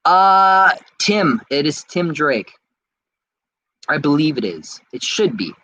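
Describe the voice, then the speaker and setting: A man hosting a podcast, reading out viewer comments in casual chat and answering them in an excitable, rambling way. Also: fairly high pitch, takes it slowly, no echo, dull audio. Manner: excitable and rambling, with frequent restarts. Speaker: podcast host.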